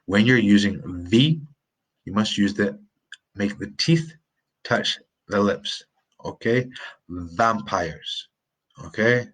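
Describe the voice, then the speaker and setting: A man teaching English pronunciation in a live-streamed lesson, repeating words slowly to drill the sounds. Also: on the low side.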